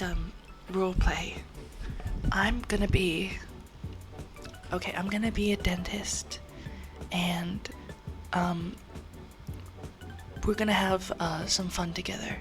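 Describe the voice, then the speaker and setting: A young woman streamer chatting softly and rambling on an ASMR live stream. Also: on the low side, fairly even intonation, slow pace, pauses often. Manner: soft, rambling, giggly. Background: faint background music.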